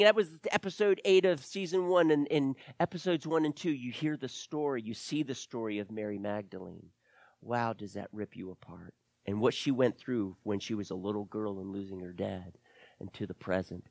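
A man preaching a sermon, swinging between loud emphatic lines and hushed, near-whispered ones. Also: fairly high pitch, no echo. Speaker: pastor.

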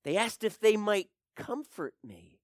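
A man tells a grieving tale in a slow, deliberate monologue. He drops into hushed whispers and rises into anguished cries. The recording is close and dry, with no room sound. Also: high voice, very animated, dry recording. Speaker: storyteller. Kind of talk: dramatic first-person monologue.

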